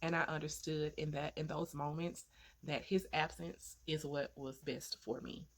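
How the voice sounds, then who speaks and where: A woman's voice: low voice, fairly even intonation, moderate pace. A woman vlogger telling a heartfelt personal story in an earnest way, repeating phrases for emphasis and turning to faith-filled encouragement.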